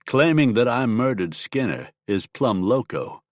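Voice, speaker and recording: A man voicing a calm frontier gunfighter in an audiobook, with a flat, hard, drawling delivery. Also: medium pitch, unhurried, no room sound, studio quality. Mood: steely. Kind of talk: audiobook character voice.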